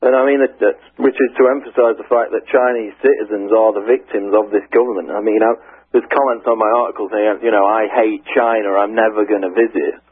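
A man's voice: lowish voice, steady tone, quick pace, slightly rough. A man calling in as a guest writer to a radio show, explaining earnestly and often restarting his sentences. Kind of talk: radio interview. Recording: tinny phone line.

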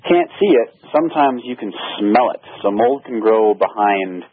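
Canadian male guest on call-in radio, practical explainer, husky tone, phone-quality audio. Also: fairly low pitch, lively intonation, normal speed, no echo. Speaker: guest, product manufacturer. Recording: tinny dry phone line.

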